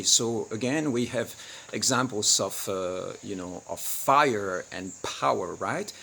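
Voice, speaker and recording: A man with a bright, gravelly voice and a husky edge teaches a live webinar on tantra. He speaks casually and acts out arguments in loud, sudden quotes. Crickets chirp faintly in the background. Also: mid-range voice. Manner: animated, acts out shouted quotes.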